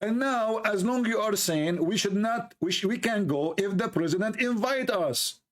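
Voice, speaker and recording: Sarcastic man mocking in halting English. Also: high voice, expressive. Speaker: commentator. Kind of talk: mocking commentary on a clip.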